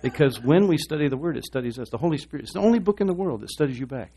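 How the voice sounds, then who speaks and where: A man's voice: on the high side, animated, very fast, warm tone, breathy edge. A man preaching a sermon, asking the congregation to respond and acting out short voices. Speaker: pastor.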